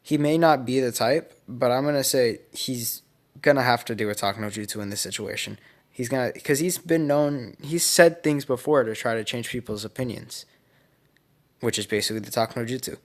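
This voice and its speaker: A man's voice: mid-range voice, normal speed. A young man casually narrating a fan-made story, speculative and rambling, often correcting himself.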